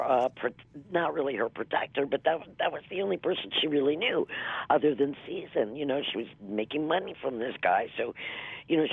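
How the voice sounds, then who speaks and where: A middle-aged woman reminisces as an interview guest, her voice husky and gravelly. She rambles, laughing and leaning on fillers. She comes through a dry, tinny phone line. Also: deep voice, no room sound. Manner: rambling, laughs often, many "you know" fillers. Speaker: interview guest, former music TV veejay. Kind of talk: casual interview storytelling.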